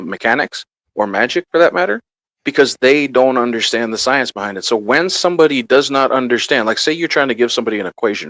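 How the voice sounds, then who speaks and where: A man's voice: mid-range voice, fairly bright tone, no echo, rough recording. A man ranting bluntly and profanely in a heated casual panel talk.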